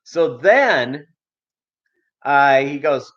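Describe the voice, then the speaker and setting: A man's voice: medium pitch, a little slow. A middle-aged man hosting a fish-keeping livestream, chatting and telling stories in a rambling, joking way with lots of fillers. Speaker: aquarium livestream host. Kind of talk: casual livestream chat and storytelling. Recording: slightly dull lo-fi stream audio.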